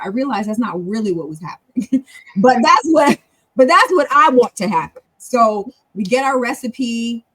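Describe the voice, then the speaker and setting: Hosting a casual live stream, a middle-aged show host and club leader speaks quickly in a slightly rough voice. Excitement sends her pitch and volume soaring before she settles back into easy chat. She frequently restarts and self-corrects.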